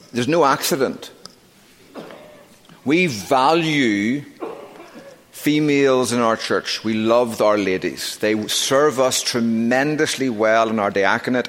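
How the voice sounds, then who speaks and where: A middle-aged male pastor delivers an emphatic sermon, drawing out the words he wants to land. His voice is pitched mid-range for a man. The sound carries a long reverb from the church sanctuary around him. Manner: emphatic preaching, slowing and stressing key words.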